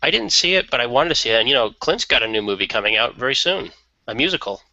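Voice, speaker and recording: A man's voice: mid-range voice, animated, fast talker, sharp tone, dry recording, lo-fi sound. A man chatting casually and giving opinions on a radio talk show, often laughing.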